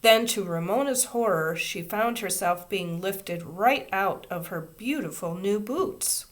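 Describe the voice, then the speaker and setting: A woman, a teacher, reading a children's chapter book aloud with expressive, steady storytelling. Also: mid-range voice, unhurried.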